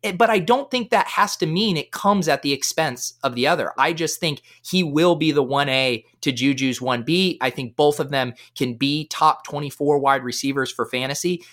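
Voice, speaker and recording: A young man talking fantasy football as a podcast guest, energetic and analytical, with frequent fillers. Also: a little high, moderate pace, few pauses. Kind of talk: casual podcast chat.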